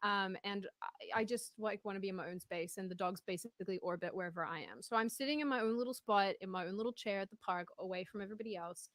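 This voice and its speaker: A woman tells a story in casual chat, animated and indignant. Her voice sits at a middle pitch. The sound is dry and close, with no room around it. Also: fast, no echo.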